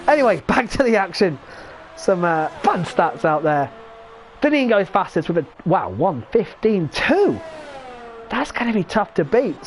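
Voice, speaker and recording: Excitable English man commentating sim racing. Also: high voice, slight background noise. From England. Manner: excitable, chatty, rambling with self-corrections. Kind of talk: live esports race commentary.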